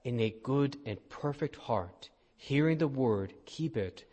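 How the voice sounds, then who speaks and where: A man, a priest, giving a sermon and telling a story in a gentle way. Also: mid-range voice, animated, slow. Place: church. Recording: long church reverb.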